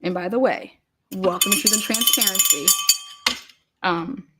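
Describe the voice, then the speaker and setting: A woman hosting a show, pausing a replayed court recording to comment in an indignant, emphatic way and repeating her words. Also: medium pitch, very noisy. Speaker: show host.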